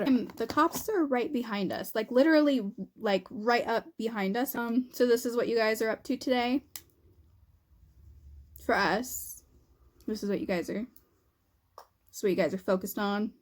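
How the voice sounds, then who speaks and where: A woman's voice: fairly high pitch, a little slow. A young woman vlogger chatting through a funny story while doing her makeup, acting out what people said and laughing often. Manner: animated, laughing, acts out quotes. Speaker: beauty vlogger.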